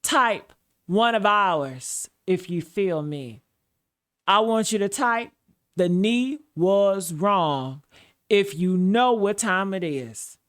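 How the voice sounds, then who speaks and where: A woman's voice: medium pitch, lively intonation, takes it slowly, a bit bright. A woman host giving a scripted commentary monologue, preacher-like and full of repeated phrases.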